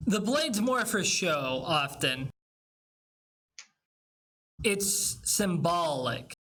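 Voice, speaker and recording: A man playing an online improv game and reading out scores in a measured, explaining way. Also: high-pitched, very animated, bright, forceful tone. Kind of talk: casual online improv play.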